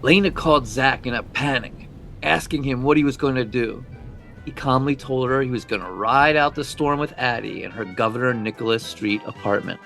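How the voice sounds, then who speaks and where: A man's voice: mid-range voice, moderate pace, creaky, sharp tone, soft background music. A man co-hosting a podcast, reading scripted true-crime narration with casual asides. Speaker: podcast co-host.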